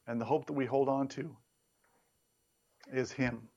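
A man preaching a sermon in an emphatic, animated way, his voice jumping up for emphasis. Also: a little slow, highs cut off. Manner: emphatic, animated preaching with sudden rises in pitch.

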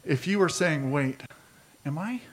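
A man's voice: on the high side, animated, a little slow, a little hiss or hum. A man preaching a sermon as a pastor, talking conversationally and asking his listeners rhetorical questions.

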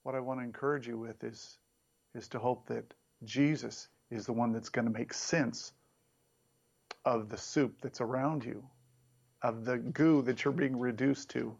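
A man preaching a sermon in an emphatic, animated way, his voice jumping up for emphasis. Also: a little slow, gravelly, breathy edge, dull audio. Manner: emphatic, animated preaching with sudden rises in pitch.

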